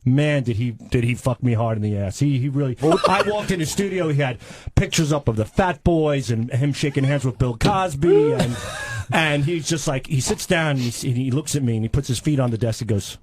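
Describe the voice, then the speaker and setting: A man's voice: medium pitch, expressive, a little fast, noisy background. A man in his forties from Long Island telling a self-mocking story on a radio show, rambling and restarting his sentences. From Long Island, New York. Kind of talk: casual radio banter, storytelling.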